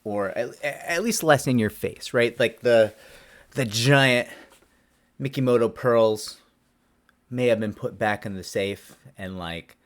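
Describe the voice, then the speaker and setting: A man's voice: medium pitch, takes it slowly. A man, a lawyer, telling a story to camera in a rambling, self-deprecating way with many restarts.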